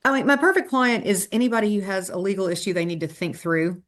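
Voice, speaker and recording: A woman trial lawyer, a podcast guest, telling stories with quick asides and restarts. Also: medium pitch.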